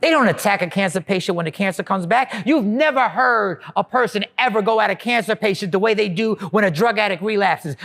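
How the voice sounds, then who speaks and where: A man delivering a comic stand-up style monologue, animated and mocking the voices of others. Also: high-pitched, creaky. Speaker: comedian.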